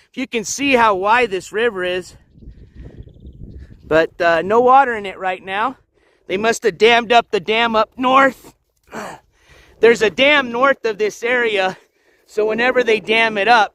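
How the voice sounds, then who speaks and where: Man, high voice, casual walk-and-talk streamer, coaxes his dogs, outdoor riverbed with dogs around. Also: pushed and bright. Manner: chatty, coaxing his dogs in a raised voice. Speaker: livestream host. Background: dogs moving about outdoors.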